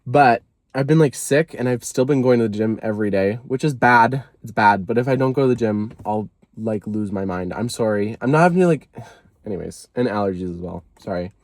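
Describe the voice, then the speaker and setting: A man's voice: on the low side, brisk, no room sound. A man talking casually to the camera in a confessional vlog, rambling, apologizing often and filling with "like". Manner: rambling, self-deprecating, full of "like" and apologies. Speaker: vlogger.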